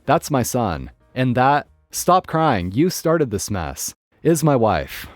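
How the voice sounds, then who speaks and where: A man voicing a calm, deep-voiced father in a narrated story. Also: dry recording, clean studio sound, faint music behind. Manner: calm, unhurried.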